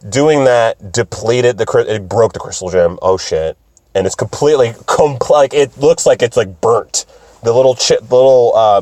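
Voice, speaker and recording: A young man doing a profane, excitable, rambling comedic recap of an anime. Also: medium pitch, dry recording. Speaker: video host.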